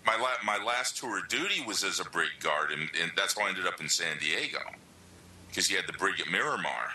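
A man's voice: deep voice, lively intonation, fairly quick, pushed and bright, slight background noise, poor audio. A man who served in the Navy, telling stories as a podcast guest in casual chat.

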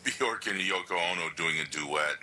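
A man's voice: deep voice, normal speed, sharp tone, a little hiss or hum, low-quality recording. A man who served in the Navy, telling stories as a podcast guest in casual chat.

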